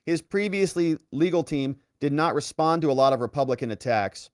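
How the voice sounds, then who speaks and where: A man's voice: fairly high pitch, fairly quick, no echo, studio quality. A man hosting online political commentary, walking through documents with sarcastic, incredulous asides. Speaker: legal commentary host.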